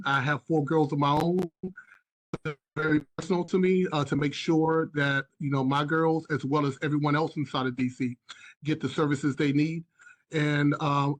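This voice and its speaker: A young man who studies at university introduces himself to a task force. His voice sits fairly high and holds a steady, even tone, earnest throughout. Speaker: university student researcher.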